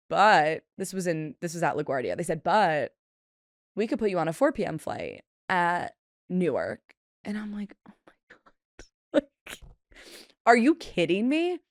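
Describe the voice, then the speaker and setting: A young woman in her twenties talks through a solo podcast episode in a loose, chatty, self-deprecating way, playing out the people she quotes. Her voice sits low for a woman. The sound is dry and close, with no room around it. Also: no echo. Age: 20s. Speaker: podcast host. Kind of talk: casual solo podcast storytelling.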